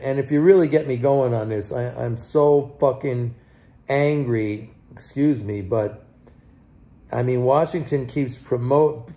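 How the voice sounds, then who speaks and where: A man hosting casual, animated market commentary, exasperated and mocking. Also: fairly high pitch, gravelly. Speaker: host.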